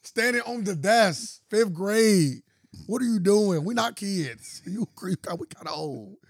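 A man's voice: high voice, lively intonation, slow, gravelly, no room sound, studio quality. A young man co-hosting a casual podcast, joking around in laid-back banter with frequent swearing. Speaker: podcast co-host. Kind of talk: casual chat.

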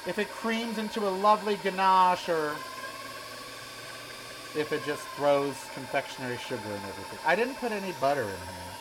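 A man's voice: on the high side, big pitch swings, moderate pace, background noise. A sixty-year-old man hosting a casual home cooking show, chatting and giving sassy, opinionated asides while he works in his kitchen. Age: 60s.

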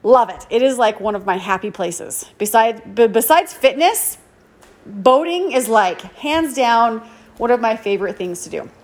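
A woman in her forties telling a personal story in a chatty, self-deprecating way, full of "like" and quick laughs. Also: fairly high pitch, lively intonation. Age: 40s. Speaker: podcast host. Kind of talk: casual storytelling monologue.

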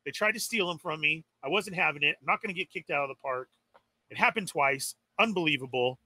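A man's voice: fairly high pitch, lively intonation, brisk, bright, forceful tone. A man animatedly telling a story on a live stream podcast, exasperated and acting out his own quotes. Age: adult. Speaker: toy podcast co-host.

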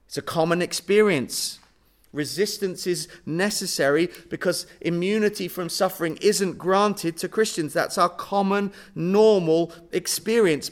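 A man with a high, bright voice preaching a sermon. He swings from booming declarations down to near-hushed lines, stretching out key words for weight.

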